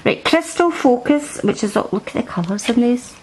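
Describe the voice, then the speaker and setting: Recorded at home on low-quality audio, a woman rambles through a casual show-and-tell review of a card deck, often restarting her sentences. Her voice is a little high, animated and darkish, slightly rough, at a normal speed.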